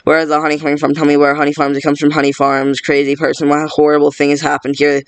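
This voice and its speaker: A man's voice: on the high side, monotone, fast, clear, resonant tone, no room sound. A man reading a whole film script aloud at speed, doing every part himself and stumbling over and restarting words as he goes. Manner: rattles through all the parts, stumbling and restarting words. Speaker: script reader. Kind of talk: rushed read-through of a film script.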